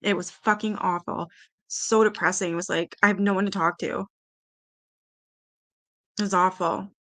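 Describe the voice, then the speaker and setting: Woman streamer, casual and chatty, swears freely, mid-pitched voice, dry close sound. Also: steady tone, unhurried, a bit bright, no room sound. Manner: chatty, swears freely, talks to her chat; coos at her cats in a high baby voice. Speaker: true-crime livestream host. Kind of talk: casual livestream chat.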